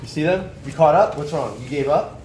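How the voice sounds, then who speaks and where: A man's voice: on the high side, expressive, a little fast, a little mellow, slight background noise. Man teaching a drawing class. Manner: checks in often, encouraging and joking with students. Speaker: high school shop teacher. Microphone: camera held by a student.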